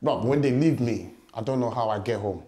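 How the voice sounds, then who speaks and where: A young man from Ghana with a Ghanaian accent, telling a story in a casual interview, animated and laughing often as he acts out voices. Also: medium pitch, a little fast, echoey room, slight background noise. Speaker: guest boxer.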